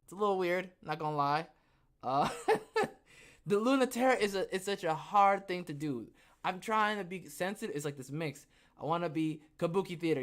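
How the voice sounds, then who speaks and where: Rambling, playful male podcast host. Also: a little high. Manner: rambling, playful, bursts into loud excited outbursts. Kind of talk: casual livestream chat.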